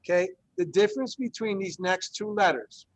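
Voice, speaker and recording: A man's voice: sits high, expressive, moderate pace, no echo, poor audio. A man teaching a Spanish class, encouraging students and drilling pronunciation through repetition. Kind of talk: classroom language lesson.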